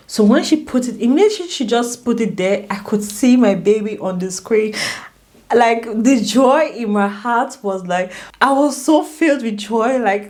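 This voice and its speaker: Woman telling a personal story, emotional. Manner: emotional, animated, with many restarts and swings in pitch. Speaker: vlogger. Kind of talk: casual storytelling to camera.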